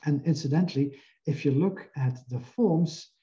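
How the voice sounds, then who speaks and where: Dark-voiced male lecturer, muffled audio. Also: fairly high pitch. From Belgium. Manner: careful, explanatory, with frequent "uh" pauses. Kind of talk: academic lecture.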